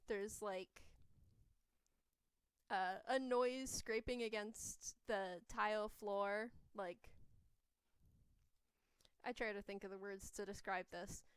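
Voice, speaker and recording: Slow, clear-voiced woman game master. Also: a little high, dry recording. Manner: meandering with many fillers. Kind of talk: narrating a tabletop game.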